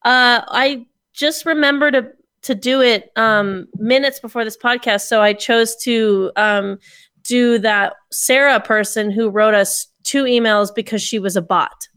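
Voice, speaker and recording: A woman's voice: a little high, a little slow, fairly bright tone, clear, resonant tone, dry recording, clean studio sound. A woman in casual podcast chat, wry and blunt, swearing offhandedly. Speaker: podcast co-host.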